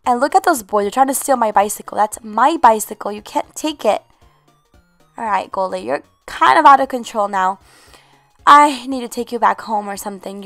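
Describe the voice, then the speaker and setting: A woman hosting a game roleplay video, commentating in an animated, exclaiming way and talking motherly to her in-game baby. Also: sits high, no echo. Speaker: channel host.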